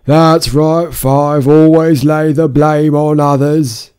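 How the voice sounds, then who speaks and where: A man reading an audiobook, voicing an indignant male card gardener in drawn-out outbursts. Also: fairly high pitch, level tone, darkish tone, smooth, no echo, pitched above the performer's own voice.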